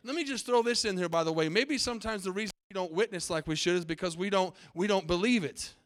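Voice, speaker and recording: Emphatic man preaching, high-pitched voice. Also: quick pace. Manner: emphatic call-and-response preaching. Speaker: pastor. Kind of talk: sermon. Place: church sanctuary.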